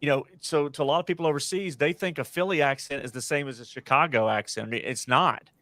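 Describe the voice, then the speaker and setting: A man's voice: a little high, fast talker, a bit bright, dry recording. An American man hosting a casual panel podcast, rambling and correcting himself as he gives strong opinions. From United States. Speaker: podcast host.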